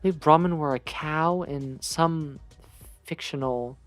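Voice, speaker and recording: Woman streamer, rambling gaming chatter, low voice, dry close sound, faint music behind. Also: slow, dry recording. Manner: rambling, chatty, self-mocking. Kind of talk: casual gaming commentary.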